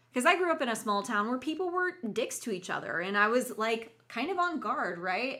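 A woman's voice: medium pitch, bright, forceful tone. A young woman co-hosting a podcast, talking candidly and reflectively, with playful swearing. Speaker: podcast co-host. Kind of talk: casual conversational podcast chat.

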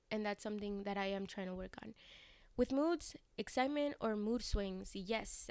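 Young female vlogger, candid confessional ramble, crisp voice, dry close sound. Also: medium pitch, a little mellow, dry recording. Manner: rambling, frank, frequent fillers and restarts; swears casually. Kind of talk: candid personal vlog talk.

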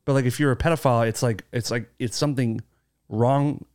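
A man hosting a podcast in casual chat, blunt and swearing freely. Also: fairly quick. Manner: blunt, swears freely, lively pitch swings. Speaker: podcast host.

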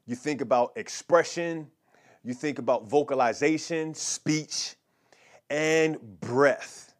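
A male pastor teaching a sermon, speaking haltingly with many fillers and repeated words, and having the audience repeat declarations aloud. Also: mid-range voice.

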